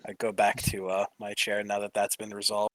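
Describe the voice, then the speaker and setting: A man's voice: on the low side, monotone, normal speed, fairly bright tone, no room sound. A man playing a tabletop game, chatting casually and joking about his character. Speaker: player. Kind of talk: casual chat.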